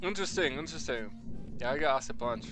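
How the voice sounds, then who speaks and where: A man's voice: medium pitch, expressive, fast talker, music in the background. A man from New Zealand streaming a game, chatting with his viewers in a rambling, slangy way, swearing freely and calling them bro. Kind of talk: casual game stream chat.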